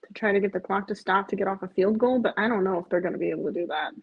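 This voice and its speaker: Woman streamer, husky higher voice, casual play-by-play chatter, muffled lo-fi mic. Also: very fast. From US Midwest. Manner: chatty, frequent "like", swings to loud disbelief at big plays. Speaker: sports streamer watching a game live. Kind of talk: casual live-watch commentary. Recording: dull lo-fi sound.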